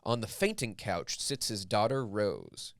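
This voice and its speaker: A man reading stage directions aloud in a comedic podcast table read, animated and often laughing. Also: lowish voice, measured pace, gravelly, no echo, studio quality. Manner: bright, animated, laughing through lines. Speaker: podcast host reading a script.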